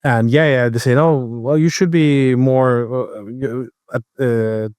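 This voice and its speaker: A man co-hosts a casual podcast, telling a work story at an ordinary pitch. He stops and restarts often and acts out the other people's lines as he goes. The sound is dry and close. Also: steady tone, a little mellow, smooth, dry recording. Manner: storytelling, halting with restarts, acts out quoted voices. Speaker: podcast co-host. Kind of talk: casual chat.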